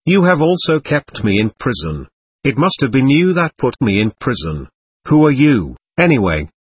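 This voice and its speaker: A man reading aloud as an indignant, bewildered ghost who denies being dead, in a husky voice. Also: mid-range voice, sing-song, normal speed. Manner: defiant, suspicious and bewildered. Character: indignant confused ghost of a dead adult, hostile.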